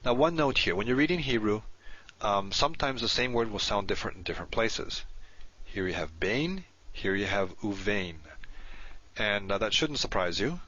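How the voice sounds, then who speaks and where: A man teaching a recorded lesson, patient and explanatory, slowing down to spell out each word. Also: fairly low pitch, lively intonation, bright, forceful tone. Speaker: Hebrew teacher. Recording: dull lo-fi recording.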